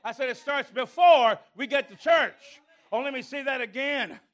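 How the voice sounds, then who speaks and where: A male pastor preaching a sermon, calling on the congregation and rising to shouts. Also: extremely high pitch, normal speed.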